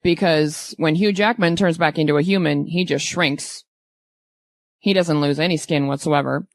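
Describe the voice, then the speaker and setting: A woman co-hosting a casual movie podcast, animated and quick to jump higher when she disagrees. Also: no room sound. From Canada. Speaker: podcast co-host.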